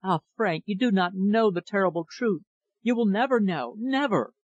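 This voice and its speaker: A man voicing an anguished young woman hiding a dark secret in a storybook reading, pleading and breaking into high cries. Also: expressive, normal speed, dry recording, muffled recording. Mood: distraught.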